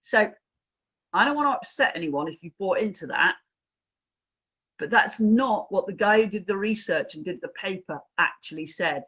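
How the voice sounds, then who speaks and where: A husky, slightly breathy woman in her fifties leads an online workshop. She talks like a trainer swapping anecdotes, checking in with listeners as she goes. Her voice comes through a video-call mic. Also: mid-range voice, expressive, normal speed, fairly bright tone. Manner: chatty storytelling, asks the audience questions.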